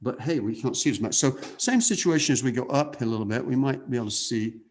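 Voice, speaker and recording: A man teaching an airbrush painting lesson in a relaxed way, thinking out loud and often checking in with "okay?". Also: mid-range voice, quick pace, a little hiss or hum. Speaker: art instructor. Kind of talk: casual painting demonstration.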